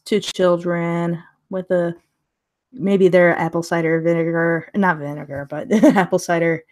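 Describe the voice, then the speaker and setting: A woman's voice: on the low side, darkish tone. A woman casually reviewing a tarot deck on a live stream, chatting and laughing often as she gushes over the cards.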